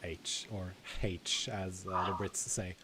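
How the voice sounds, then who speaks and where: A man's voice: mid-range voice, expressive, moderate pace, noisy background. Easygoing man hosting a game stream. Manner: easygoing, teasing, quizzes his co-host. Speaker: community manager. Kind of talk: casual game stream chat.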